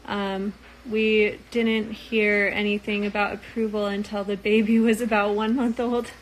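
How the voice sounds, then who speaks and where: A woman's voice: mid-range voice, flat delivery, a little slow, a little hiss or hum, rough recording. A young woman chatting casually with viewers, loose and rambling with frequent ums, sounding tired. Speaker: reality show cast member talking to viewers.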